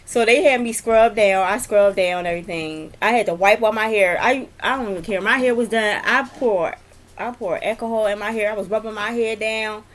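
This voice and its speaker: A woman's voice: medium pitch, normal speed. A young adult woman, a nurse, telling work stories in a casual, rambling vlog with many fillers and laughs. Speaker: vlogger, nurse.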